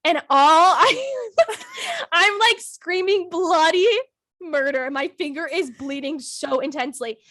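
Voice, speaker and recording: A young woman co-hosting a podcast, telling a story in a casual, animated way, laughing often and shrieking when she acts out quotes. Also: very high-pitched, slow, no echo, studio quality. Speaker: podcast co-host.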